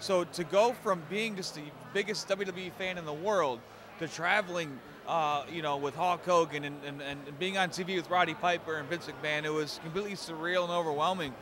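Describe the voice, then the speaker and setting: A man's voice: fairly high pitch, fairly even intonation, brisk. Chatty man, crowd noise behind. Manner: friendly and chatty, repeats words and says "man" often. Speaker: professional wrestler guest. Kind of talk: casual interview answers. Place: outdoors at a busy fan convention.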